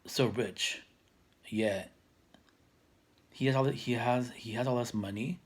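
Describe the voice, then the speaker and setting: A man in his thirties talking casually to camera, soft-spoken and hesitant, with many fillers and restarts that trail off quietly. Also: medium pitch, fairly even intonation, takes it slowly. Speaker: vlogger.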